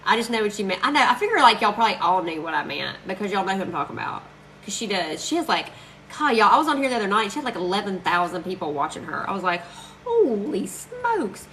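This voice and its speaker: A woman's voice: medium pitch, expressive, pushed and bright, slight background noise, rough recording. A woman chatting casually and gushing to viewers while crafting on a live stream. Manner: chatty, gushing, quick to laugh.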